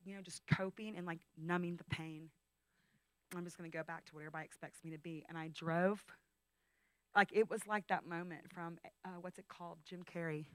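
A woman in her thirties giving a personal testimony as a guest speaker, intimate and emotional, dropping to whispers and rising to loud outbursts. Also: on the low side, no room sound, poor audio. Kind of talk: testimony talk. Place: training school session.

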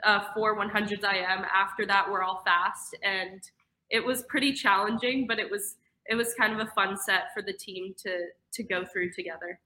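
Young female swimmer, bright-toned, earnest. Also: mid-range voice, fairly even intonation, normal speed, rough recording. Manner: earnest, explains step by step. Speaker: swimmer on a team. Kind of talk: casual interview answers.

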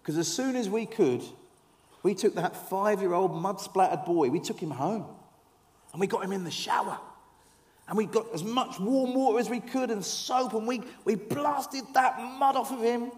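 A man in his forties delivers a sermon in a fairly high voice. He mixes humorous storytelling with soft, earnest passages. The sound rings out in an echoey hall. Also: moderate pace. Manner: storytelling with humour, dropping to soft earnest tones. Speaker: preacher.

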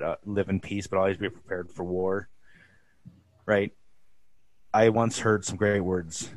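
A man with a low voice hosts a casual podcast, speaking earnestly and reflectively, often restarting his sentences. The sound is dry and close, with no room around it. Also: no echo. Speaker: podcast host.

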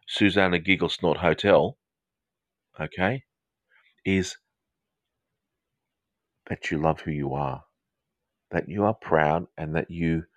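Brief: male live-show counsellor, lowish voice, dry close sound, rambling joker who trips over his words. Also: no room sound. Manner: rambling and playful, stumbling restarts and jokes. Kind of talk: casual chat, live call-in counselling.

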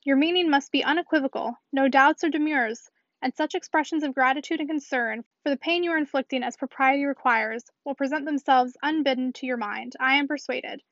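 Sure-minded young lady, high voice, dry dull recording, read by a woman. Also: a little fast, fairly bright tone, no echo. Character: clever young lady, confident and decided.

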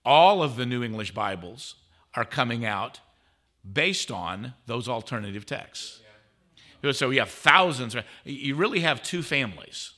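Animated man telling a conference story. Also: medium pitch, unhurried. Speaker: guest speaker. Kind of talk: conference talk. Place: conference stage.

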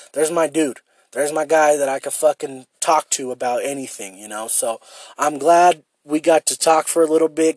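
A man's voice: fairly high pitch, a little mellow, no room sound. A man in his thirties hosting a solo podcast, rambling and self-deprecating, swearing often and repeating himself as he talks. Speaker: podcast host. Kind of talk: casual solo podcast rant.

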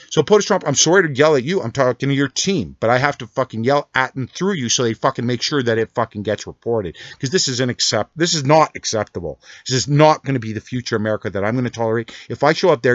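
A man's voice: medium pitch, a bit bright, no echo. A man in a furious, profane, rambling rant, swearing constantly. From Canada. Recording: dull, dry lo-fi recording.

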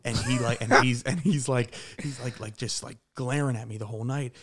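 Man, quick talker, middle pitch, rambling, sweary storyteller. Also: steady tone, a bit bright. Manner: rambling anecdote, many fillers, swears. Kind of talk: casual podcast chat.

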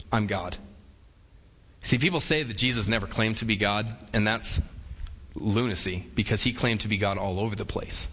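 A man delivers a sermon from the pulpit, talking in a relaxed, conversational way and slipping into playful quoted voices. His voice is bright and forceful, and it rings with the long reverb of a large church hall. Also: fairly low pitch. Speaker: pastor.

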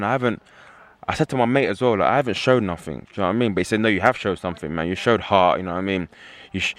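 Fast-talking man, fighter. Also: fairly low pitch, a bit bright, no echo. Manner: fast, repetitive, keeps asking "you know what I mean". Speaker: professional fighter as guest. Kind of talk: casual interview talk.

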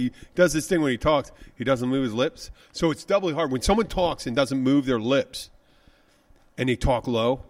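A man's voice: medium pitch, moderate pace. A man co-hosting a radio show, telling a long rambling story in casual on-air chat and acting out the quotes. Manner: rambling, animated, acts out quotes.

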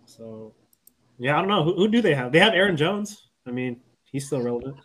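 A man's voice: a little high, animated, a little fast, fairly bright tone. A man hosting a sports podcast, hesitant and steering the talk with questions. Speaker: podcast host. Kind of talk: casual sports podcast chat.

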